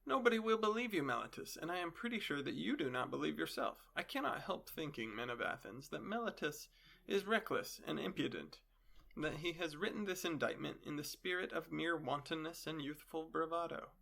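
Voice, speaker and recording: A man's voice: on the high side, animated, a little fast, creaky, fairly bright tone, heavily acted. A man voicing an elderly male philosopher on trial, questioning his accuser with dry irony. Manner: questioning, dryly ironic.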